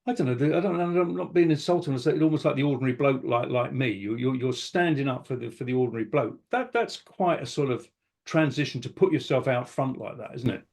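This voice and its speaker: Man, interviewer, halting, rambling questions, casual talk. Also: mid-range voice, gravelly, a little mellow. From South London.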